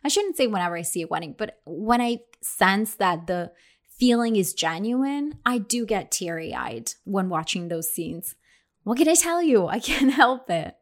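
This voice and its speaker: A woman's voice: medium pitch, big pitch swings, unhurried. A young adult woman explaining English expressions in a casual lesson, chatty, with many fillers and restarts. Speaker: English teacher.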